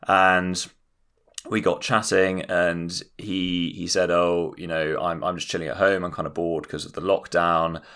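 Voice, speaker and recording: A man's voice: low voice, little pitch movement, measured pace, fairly bright tone, smooth. A young British man from London co-hosting a comedy podcast, telling anecdotes in a wry, dry way. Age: young adult. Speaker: podcast co-host. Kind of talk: casual comedic storytelling.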